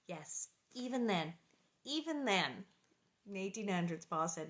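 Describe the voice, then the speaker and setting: A woman's voice: mid-range voice, expressive, a little slow, a bit bright. Chatty woman reading aloud with asides. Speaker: reader. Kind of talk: reading a children's book aloud with commentary.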